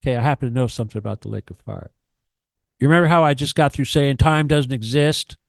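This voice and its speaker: A man's voice: mid-range voice, fast, vocal fry, no room sound. A man ranting on a radio talk show, profane and emphatic, lecturing and repeating himself.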